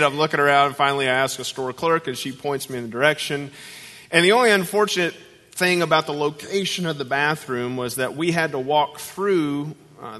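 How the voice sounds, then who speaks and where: A man preaching a sermon as guest pastor, animated and acting out voices in his stories. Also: medium pitch, in a large hall. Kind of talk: sermon with storytelling.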